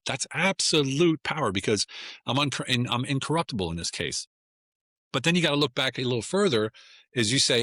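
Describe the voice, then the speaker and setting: A man's voice: mid-range voice, animated, a little fast, pushed and bright, no room sound, clean studio sound. A middle-aged American man, a guest on a casual podcast, talking in a blunt, emphatic way and often repeating himself. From United States.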